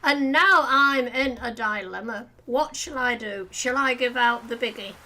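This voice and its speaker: A woman's voice: fairly high pitch, measured pace, bright, forceful tone, a little hiss or hum, poor audio. A woman co-hosting a casual game livestream, chatting and thinking aloud as she addresses viewers. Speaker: livestream co-host.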